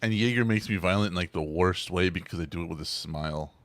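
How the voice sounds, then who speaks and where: A man's voice: sits low, fast talker, fairly bright tone. A man co-hosting a podcast, telling stories in casual, profane chat and laughing often.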